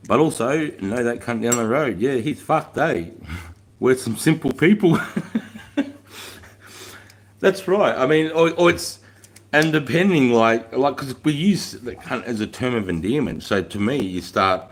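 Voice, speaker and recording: A middle-aged man hosts a livestream in casual chat, reading out viewer comments while swearing freely, rambling, and laughing often. His voice is medium-pitched and animated, though he speaks a little slowly.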